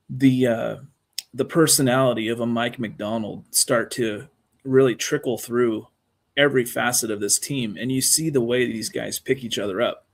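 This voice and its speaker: A man co-hosting a casual sports talk show, rambling through his points with many fillers and restarts. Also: mid-range voice. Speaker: co-host.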